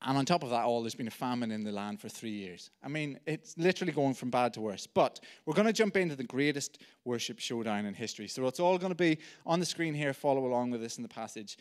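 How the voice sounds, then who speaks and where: A man preaching a sermon, retelling a story with lively jokey asides. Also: medium pitch, fast talker, hardly any pauses.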